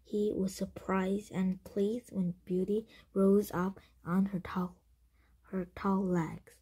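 A woman reading a children's chapter book aloud, breathy and often whispered, with frequent slips and restarts. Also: mid-range voice, level tone, slow, dark tone. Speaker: story reader.

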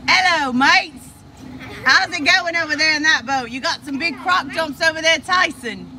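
A woman's voice: high-pitched, moderate pace, crowd noise, pitched above the performer's own voice. A woman doing a jokey fake Australian bloke. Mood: playful. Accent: put-on Australian, comes out Scottish. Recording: loud boat engine noise outdoors.

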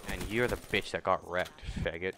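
A man's voice: low-pitched, steady tone, normal speed, vocal fry, background noise. A young man giving casual, rambling commentary over his gameplay, with bursts of profane trash talk. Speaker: gaming YouTuber and streamer.

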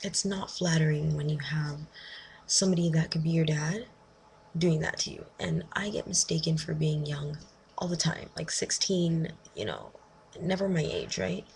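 A young woman vents about her day in a loose, exasperated storytelling rant, peppering everything with "like" and "right?". Her voice sits fairly low with a gravelly edge. A faint hiss runs underneath. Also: moderate pace, rough recording. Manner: animated, exasperated, lots of "like" and "right?". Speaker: vlogger.

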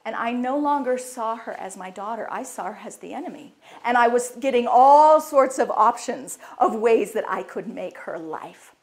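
A middle-aged woman gives an upbeat inspirational talk, her somewhat high voice swinging widely in pitch. She laughs often and keeps asking the audience questions. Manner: animated, laughing, quizzes the audience. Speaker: speaker at a women's conference.

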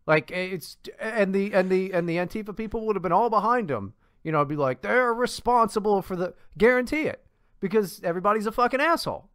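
A man's voice: sits high, lively intonation, quick pace, a bit bright, smooth, dry recording, clean studio sound. A man co-hosting a podcast, ranting in a profane, exasperated casual chat with many restarts. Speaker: podcast co-host.

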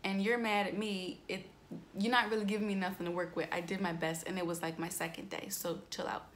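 A woman's voice: mid-range voice, little pitch movement, fairly quick, a little hiss or hum. A young woman chatting candidly in a casual vlog, swearing freely and filling her speech with "like" and "um". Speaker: astrology vlogger.

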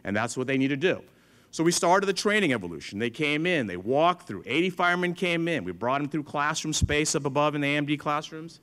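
A middle-aged man gives an animated talk to an audience with a fairly high voice. He tells stories and acts out the lines of the people in them. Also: brisk. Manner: storytelling, acts out dialogue with others. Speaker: museum chief engineer giving a talk.

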